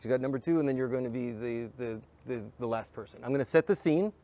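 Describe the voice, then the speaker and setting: A fast-talking man spins stories in a loose, animated way, checking in with "right?" and "you know" as he goes. He sits at a middling pitch for a man and keeps an easy, conversational rhythm. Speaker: scuba instructor and magician, guest. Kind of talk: casual storytelling chat.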